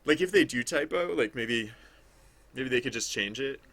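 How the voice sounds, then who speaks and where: A man's voice: mid-range voice, expressive, moderate pace, fairly bright tone. A man streaming his game development work, chatting casually and rambling as he thinks aloud. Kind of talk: casual livestream commentary while working.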